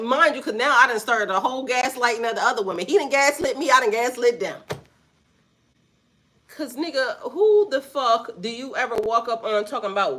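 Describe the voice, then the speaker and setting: A woman's voice: fairly high pitch, moderate pace. Profane woman ranting a storytime. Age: adult with a son. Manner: blunt, profane, animated storytelling with asides to viewers. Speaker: spiritual vlogger. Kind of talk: casual storytime rant.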